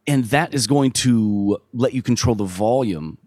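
Casual male guest, mid-pitched, dry close sound, meandering explainer. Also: measured pace, a little mellow, husky, dry recording. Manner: laid-back, rambling, self-interrupting with fillers. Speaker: streamer and musician. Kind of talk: casual interview chat.

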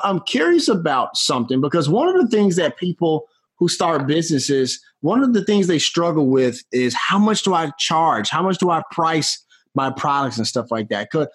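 A man hosting a podcast. His voice sits fairly high for a man and swings up and down a lot as he talks with upbeat energy. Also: husky. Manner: upbeat, enthusiastic host patter. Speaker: podcast host. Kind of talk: podcast interview and ad read.

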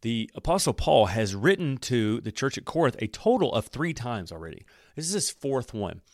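A man hosting a podcast and teaching the Bible in a relaxed, conversational way, often correcting himself mid-sentence. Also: medium pitch, moderate pace, no room sound, clean studio sound. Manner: warm, conversational storytelling with self-corrections.

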